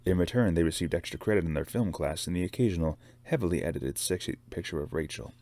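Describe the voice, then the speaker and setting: Deep-voiced man reading a novel aloud. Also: quick pace, mellow. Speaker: reader.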